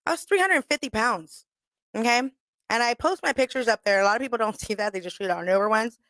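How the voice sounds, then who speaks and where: A woman's voice: on the high side, brisk, no echo. Blunt, profane woman talk-radio host. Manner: blunt, profane and animated, acts out quoted voices. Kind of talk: candid storytelling monologue. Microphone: studio microphone.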